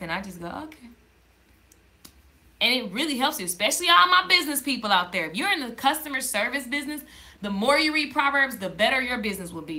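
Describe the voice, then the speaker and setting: A woman hosting a faith-based live stream, talking to the camera in a lively, conversational way and reading viewer comments aloud. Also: on the high side. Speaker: livestream host. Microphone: camera in front of her.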